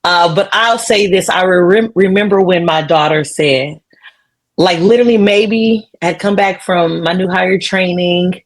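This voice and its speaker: A woman's voice: lowish voice, unhurried. A middle-aged woman speaking as an interview guest, earnest and heartfelt as she reflects on her life. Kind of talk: casual interview.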